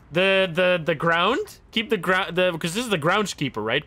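A young man livestreaming a game, thinking aloud in casual commentary, excitable and quick to laugh and exclaim. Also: sits high, a little hiss or hum. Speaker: streamer playing a game. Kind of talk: casual live gameplay commentary.

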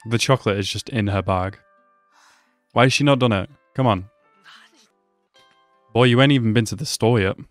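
A young man giving casual, excitable commentary as he reacts to an anime episode, talking back at the screen. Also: lowish voice, moderate pace, long pauses, dry recording, faint music behind.

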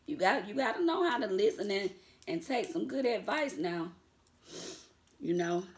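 Speaking at normal speed with an expressive, medium-pitched voice, a woman vlogs casually to her viewers. She calls them y'all, laughs a lot and gets sassy and defiant about her critics.

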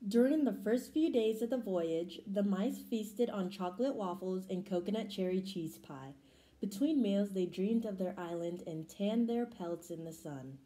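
A woman reading a children's picture book aloud in an expressive storytelling manner. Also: mid-range voice, measured pace. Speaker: storybook reader. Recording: roomy echo.

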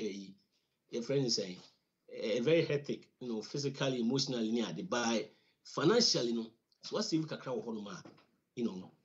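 Ghanaian male educator, mid-pitched, chatty and repetitive teaching delivery, muffled lo-fi sound. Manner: conversational, repeats words for emphasis, many fillers. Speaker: financial educator. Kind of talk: teaching talk on personal finance. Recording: slightly dull lo-fi recording.

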